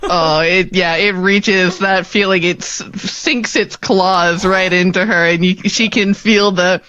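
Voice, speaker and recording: A tabletop game player describing their character, excitable and laughing. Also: mid-range voice, takes it slowly, smooth, dry recording, dull audio. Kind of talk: tabletop role-play.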